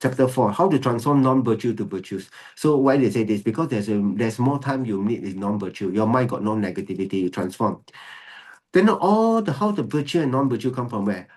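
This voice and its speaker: A man's voice: medium pitch, lively intonation, brisk, darkish tone. A male Buddhist monk giving a dharma teaching, repeating key phrases for emphasis and slipping Mandarin phrases into his English. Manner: mixes English with Mandarin phrases, laughs often.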